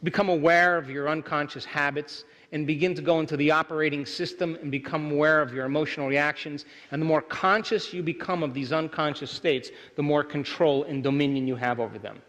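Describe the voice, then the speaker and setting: A man's voice: on the high side, brisk, hardly any pauses, a bit bright. A middle-aged man lecturing a live audience, emphatic and often asking them to agree. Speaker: workshop speaker. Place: large hall with audience. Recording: hall reverb, live venue.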